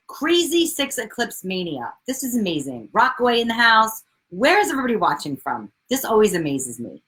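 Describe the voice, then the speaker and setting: A woman in her forties chats on a live video stream, bubbly and quick to get excited. Her pitch leaps and swoops all over the place as she greets people by name, and she swears casually along the way. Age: 40s. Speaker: livestream host, coach.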